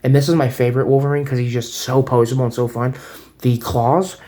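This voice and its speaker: A man's voice: medium pitch, little pitch movement, brisk, dark tone. A man giving a casual toy review at home, chatty and rambling, often restarting his sentences, recorded on a camera set on a table. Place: home room.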